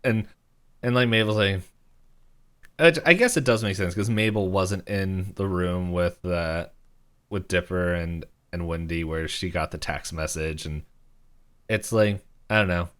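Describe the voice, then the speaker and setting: Low-voiced man rambling through a recap. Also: a little slow, fairly bright tone. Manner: rambling retelling, heavy use of "like", frequent chuckles. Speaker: podcast co-host. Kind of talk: casual episode recap chat.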